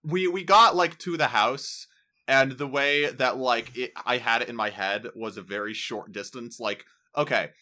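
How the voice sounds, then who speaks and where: A man's voice: mid-range voice, a little slow. A young man co-hosting a podcast, telling stories in a casual chat with lots of swearing and laughter. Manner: animated storytelling, swears a lot, laughs into words. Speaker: podcast co-host.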